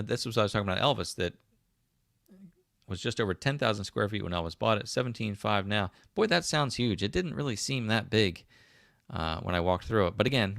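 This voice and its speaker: A man's voice: on the low side, vocal fry, fairly bright tone, no room sound, clean studio sound. A man in his fifties with a South Jersey accent, hosting a casual livestream and chatting while reading out viewer comments, rambling with frequent ums. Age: 50s. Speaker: livestream host.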